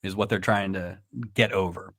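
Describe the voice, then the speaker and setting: A man's voice: sits low, flat delivery, moderate pace, a bit bright, dry recording, studio quality. A man co-hosting a podcast, recapping an old TV episode in casual chat and laughing often. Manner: laughs often, narrates plot beats. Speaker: podcast co-host.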